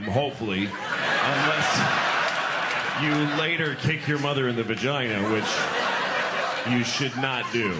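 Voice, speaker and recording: A man doing a live stand-up routine on a club stage, blunt, profane and sarcastic as he works the crowd. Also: on the high side. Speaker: stand-up comedian. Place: comedy club stage with audience. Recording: noisy live room with crowd.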